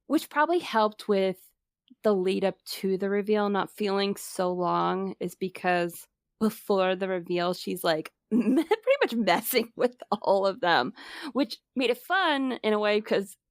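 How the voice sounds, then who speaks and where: A woman co-hosting a podcast, chatting casually about movies, bubbly and quick to laugh. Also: mid-range voice, no echo, clean studio sound. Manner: bubbly, laughs often, animated. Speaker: podcast co-host. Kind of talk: casual movie review chat.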